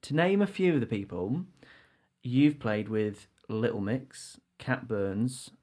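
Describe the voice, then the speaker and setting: A man's voice: medium pitch, lively intonation, takes it slowly, a little mellow, husky. A man hosting a podcast, chatty and friendly, teasing his guest as he talks. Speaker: podcast host. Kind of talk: casual interview chat.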